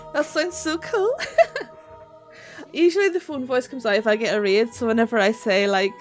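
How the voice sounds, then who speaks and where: A woman's voice: high voice, a little slow, long pauses, soft background music. A woman with a Northern Irish accent chatting casually while streaming a game, swearing freely and laughing often. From Northern Ireland. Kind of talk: casual live-stream chat while gaming.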